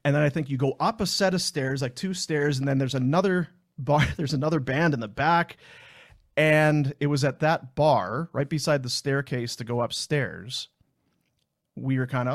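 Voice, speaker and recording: A Canadian man co-hosting a sports podcast, telling stories with frequent laughs and trailing off softly, and also reading a live ad. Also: mid-range voice, normal speed, no echo, studio quality. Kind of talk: casual chat and live ad read. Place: small podcast studio. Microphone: studio mic.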